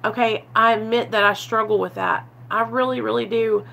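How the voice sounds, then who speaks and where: On a casual live stream, a woman vlogger speaks earnestly and confessionally about recovery, often addressing viewers as "you guys" and responding to chat comments mid-talk. Her voice is fairly high, gravelly, bright and forceful, with fairly even intonation at a normal pace.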